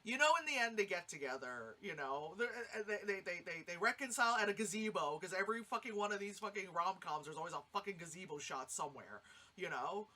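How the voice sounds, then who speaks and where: A woman with a lowish voice gives a casual spoken movie review at a quick pace. She rambles animatedly, swears freely, and acts out lines from the film.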